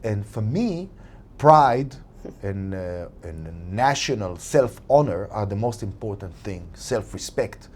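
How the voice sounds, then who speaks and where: A man with an Israeli accent, a native Hebrew speaker, hosting an interview in English, halting and repeating words. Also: on the low side, animated, a little mellow. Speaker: host. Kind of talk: interview conversation.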